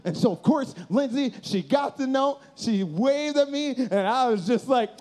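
Man, high voice, comedic storyteller, animated, acts out voices. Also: unhurried. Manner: animated, acts out dialogue with big voice swings. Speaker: youth event speaker.

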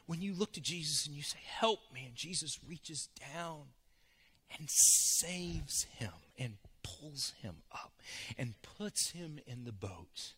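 A male pastor preaching a sermon in a church, shifting from hushed to loud. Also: a little high, animated, slow, breathy edge.

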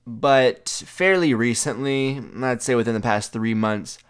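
Young man, mid-pitch, smooth clear voice, animated chatty storyteller. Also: unhurried. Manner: animated, chatty, filler-heavy with "like". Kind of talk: casual storytelling monologue.

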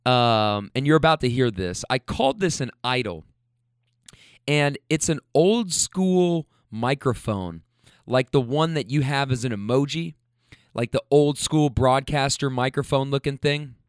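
A man hosting his own podcast, talking in a loose, rambling flow packed with fillers, cursing and bursts of laughter. His voice sits at an ordinary middle pitch for a man. The sound is dry and close, with no room echo. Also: clear, resonant tone. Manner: rambling, filler-heavy, profane, laughs often. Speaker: podcast host. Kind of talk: casual storytelling monologue.

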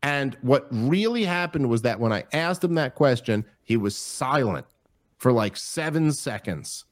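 A man talking as a podcast guest in casual chat, animated, profane and rambling. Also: mid-range voice, measured pace, no echo.

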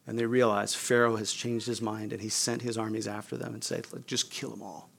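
A man's voice: fairly low pitch, flat delivery, a little fast, vocal fry, a bit bright. A male pastor giving a sermon in a casual, conversational way, addressing the congregation as "you guys.".

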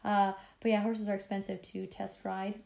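A woman's voice: mid-range voice, little pitch movement, moderate pace, gravelly, warm tone, reverberant. A woman with a Canadian accent co-hosting a casual late-night podcast, chatty and tired, laughing often and restarting her sentences. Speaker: podcast co-host.

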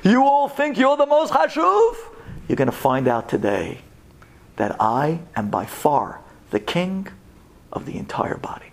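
A man voicing a pompous, scheming male tongue in a storytelling sermon, boasting and then dropping to a low hush. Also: sing-song, normal speed, vocal fry, full character voice. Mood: boastful.

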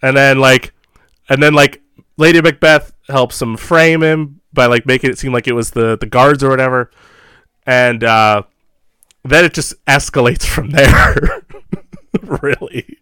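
A man talks casually on a podcast, rambling in a relaxed way and often chuckling. His voice is smooth and clear, with a dry, close recording and no room sound. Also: medium pitch, unhurried, dry recording. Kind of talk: casual chat.

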